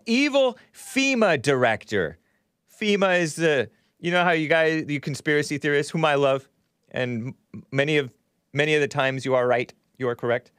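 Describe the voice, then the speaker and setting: A man's voice: mid-range voice, no room sound. A man hosting a livestream, with a voice that swoops up and down as he reacts. He talks directly to his viewers in a chatty, exclamatory way. The sound is close and dry. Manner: animated, reacts aloud with exclamations and laughs. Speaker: livestream host. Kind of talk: casual livestream commentary.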